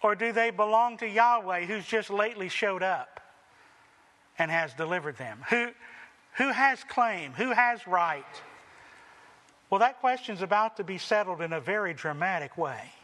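Male pastor, deliberate sermon delivery, crisp bright tone, unhurried. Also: sits high, expressive, in a large hall. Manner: slow, deliberate preaching with dramatic voiced quotes.

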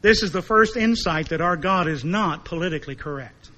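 A man preaching a sermon in a high, bright, forceful voice. He is emphatic and slows down to repeat his main points. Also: expressive, rough recording.

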